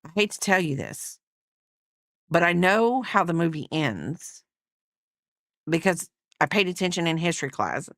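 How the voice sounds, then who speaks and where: Low-voiced woman rambling chattily. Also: lively intonation, unhurried, pauses often, fairly bright tone, no room sound, studio quality. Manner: rambling, chatty, many fillers and asides. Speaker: crochet vlogger. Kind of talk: casual chat while crocheting.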